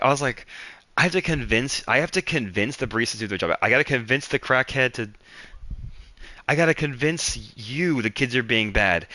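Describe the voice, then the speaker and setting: A man's voice: medium pitch, bright, forceful tone, no room sound. Exasperated young man ranting on stream. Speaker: livestream host. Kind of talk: ranting story on a livestream.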